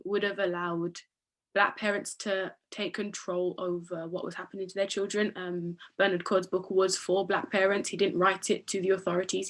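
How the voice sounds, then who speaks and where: A woman speaking as a panelist in an online academic discussion, thoughtful and hesitant with many fillers. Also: fairly low pitch. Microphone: video call.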